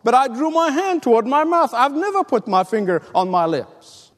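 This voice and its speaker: A man's voice: very high-pitched, big pitch swings, normal speed, pitched above the performer's own voice. A man voicing a stern, commanding professor of medicine lecturing his students, with long hall reverb. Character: stern prominent older male medical professor.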